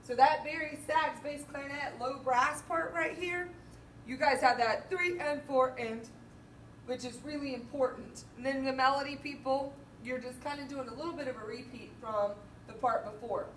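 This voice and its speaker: A high-pitched woman leads a band lesson, counting and singing rhythms aloud. She sounds distant from the mic in an echoey room. Faint background noise sits under her voice. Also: normal speed, hardly any pauses, fairly bright tone. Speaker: band teacher. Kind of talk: music lesson walkthrough.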